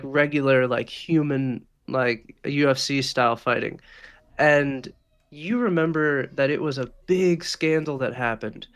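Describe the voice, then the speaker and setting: A man's voice: medium pitch, smooth. A man running a tabletop game as dungeon master, narrating casually with lots of fillers.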